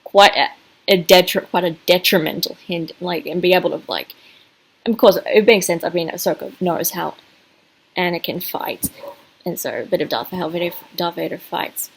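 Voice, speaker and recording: A woman's voice: on the low side, normal speed, vocal fry, slightly rough, low-quality recording. A woman giving a casual video review as a fan, gushing and rambling with many fillers and restarts.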